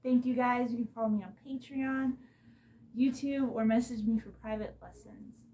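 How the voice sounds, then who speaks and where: A woman teaching a casual drum lesson, explaining step by step in a relaxed way beside her drum kit, recorded on a low-quality camera mic. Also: moderate pace, slight background noise. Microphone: phone or camera mic.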